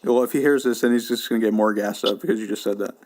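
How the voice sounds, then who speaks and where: Podcast host, male, quick-talking, eager questions full of fillers. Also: lowish voice, steady tone, a little mellow. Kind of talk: casual interview.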